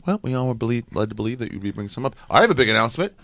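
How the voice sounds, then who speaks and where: A man's voice: medium pitch, expressive, very fast, fairly bright tone, no echo. A man, a comedian guest, telling stories in casual podcast banter and acting out the voices of the people he quotes.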